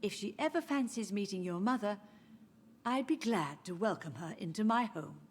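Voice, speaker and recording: A woman with a medium-pitched, lively voice speaks at a moderate pace in a lightly acted game dialogue. She plays a frail, confused old mother mourning her dead children, gently deluded as she talks to them as though they were still alive.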